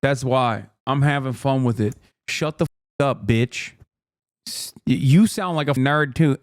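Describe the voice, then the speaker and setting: Man, streamer, profane mocking commentary, smooth resonant voice, close and dry. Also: medium pitch, a little slow, no echo. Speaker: streamer host. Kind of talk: casual reaction commentary.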